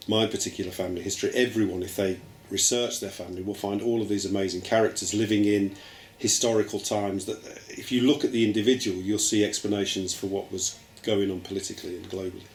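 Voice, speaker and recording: In an echoey room with faint background noise, a low-voiced Birmingham man, a television writer, answers interview questions reflectively. He talks fast with few pauses and fairly even intonation, thoughtfully hedging with "I mean" and "I think."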